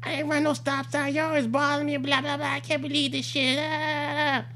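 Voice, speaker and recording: Man mimicking a shrill, sobbing angry woman. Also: little pitch movement, normal speed, bright, forceful tone, a little hiss or hum, exaggerated voice. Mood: indignant. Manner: shrill, indignant, wailing. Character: angry young woman driver, hostile, crying.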